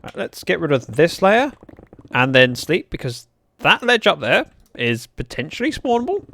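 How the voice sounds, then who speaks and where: A young man with a high, gravelly, fairly bright voice streams a block-building game, very animated at a moderate pace. He chats and jokes with his viewers and reads out what they type in chat.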